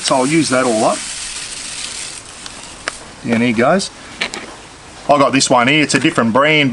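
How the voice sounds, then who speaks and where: A man's voice: medium pitch, a bit bright, slight background noise, rough recording. A man with an Australian accent hosting a casual cooking demonstration, chatting straight to his viewers as he cooks outdoors. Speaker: cooking channel host.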